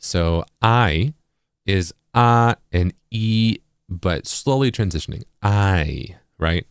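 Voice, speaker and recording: A man with an East Coast accent giving a casual tutorial, relaxed and full of fillers, sounding words out as examples. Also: sits low, slow, smooth, no room sound, studio quality. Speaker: music producer and streamer.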